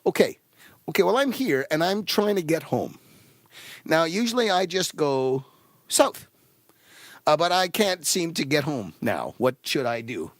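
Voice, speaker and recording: A man's voice: fairly high pitch, big pitch swings, measured pace, pauses often, dry recording, studio quality. A man doing a put-on British accent as a lost, fussy male pop star, talking in a whiny, insistent way.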